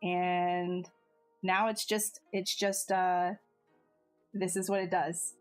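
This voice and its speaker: Sculpting during a live stream, a woman chats casually in a lowish, level voice at a slow pace, with soft music playing behind her. She answers viewers with self-mocking humor, often trailing off and starting over.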